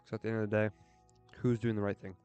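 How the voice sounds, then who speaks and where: A young man with a fairly low voice chats casually while he plays, drifting from thought to thought in an earnest, rambling way. Faint game music sits quietly behind him. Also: flat delivery, fast, clear, resonant tone. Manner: earnest, rambling, with frequent "like" fillers. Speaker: streamer.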